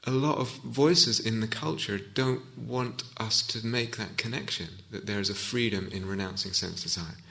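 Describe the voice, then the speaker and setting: A man's voice: fairly low pitch, normal speed, vocal fry, hardly any pauses, fairly bright tone. A man giving a reflective Dharma talk as a meditation teacher in a hall, often restarting and searching for words.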